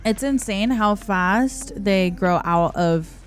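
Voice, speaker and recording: Slow-talking woman streamer, chatty. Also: mid-range voice. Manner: chatty, reads out and answers chat, laughs often. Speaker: game streamer. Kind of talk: casual live-stream chat while gaming. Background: soft background music.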